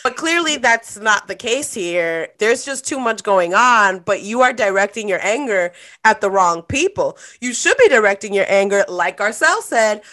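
A woman's voice: mid-range voice, expressive, moderate pace, hardly any pauses, a bit bright. A woman co-hosting a casual recap chat, joking in a sassy, slangy way. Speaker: podcast co-host.

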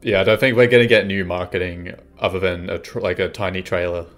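A man co-hosting a casual chat, recapping scenes in a relaxed, slangy way. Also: low-pitched, fast talker. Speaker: podcast co-host.

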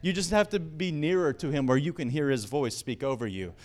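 A man preaching a sermon as pastor, emphatic and building to excited peaks. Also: on the high side, a little fast. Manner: emphatic, rising to excited exclamations.

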